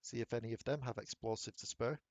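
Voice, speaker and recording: A man running a tabletop game as game master, describing scenes in a relaxed, conversational way. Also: medium pitch, quick pace.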